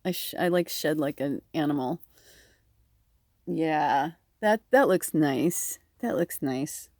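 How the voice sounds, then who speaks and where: A woman's voice: deep voice, expressive, slow, a little mellow, dry recording, clean studio sound. A woman giving a casual tarot reading to her viewers, rambling chattily and breaking into laughs often. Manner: chatty and rambling, heavy on fillers; laughs often while talking. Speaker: tarot reader.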